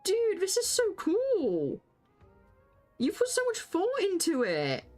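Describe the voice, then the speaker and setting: A woman streaming a game live, excitable and gushing, laughing often. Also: very high-pitched, slow, faint music behind.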